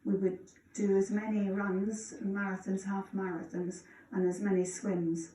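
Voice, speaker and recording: A woman's voice: medium pitch, unhurried. A Scottish retired teacher in her sixties speaking earnestly in an interview. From Scotland. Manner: plain, earnest, even. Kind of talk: reflective interview. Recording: echoey, distant, faint background noise.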